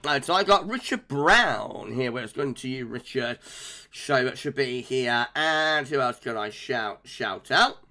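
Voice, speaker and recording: A man hosting a weather livestream chats casually with viewers and reads out their comments, laughing often and using lots of fillers. His medium-pitched voice is animated, bright and forceful, at a measured pace.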